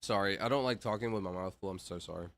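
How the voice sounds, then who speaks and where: A young man with a bright, forceful voice talks on a livestream. He rambles loosely, leaning hard on filler words and casual slang. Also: low voice, fast talker. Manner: rambling, filler-heavy, says "like" and "bro" a lot. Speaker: streamer.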